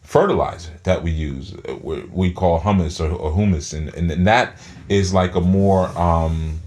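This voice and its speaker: A man's voice: deep voice, normal speed, darkish tone. A man giving a spiritual teaching talk, speaking through his teeth and often repeating words as he thinks aloud.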